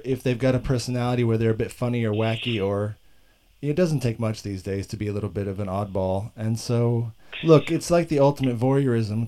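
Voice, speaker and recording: A man in casual conversation, animated and joking, asking long rambling questions. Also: fairly low pitch. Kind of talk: casual chat.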